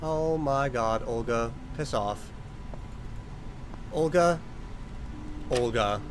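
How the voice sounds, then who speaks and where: A let's-play host draws out his words in a mid-range voice, with slight background noise behind him. Playing a horror game, he comments along the way, talks to the characters and yelps when something startles him.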